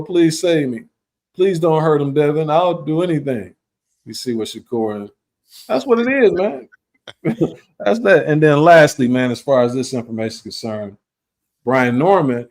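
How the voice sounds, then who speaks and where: A man hosting a live boxing talk show, arguing in heated, slangy chat with sudden jumps in pitch and a lot of repetition. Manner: slangy, repeats himself while arguing.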